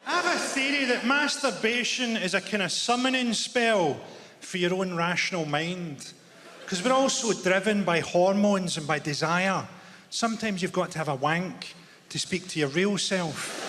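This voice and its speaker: A man from Glasgow with a Glaswegian Scottish accent, delivering a stand-up comedy set in dry, deadpan one-liners. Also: high voice, normal speed. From Glasgow, Scotland. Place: large theatre stage. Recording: reverberant theatre hall with audience noise.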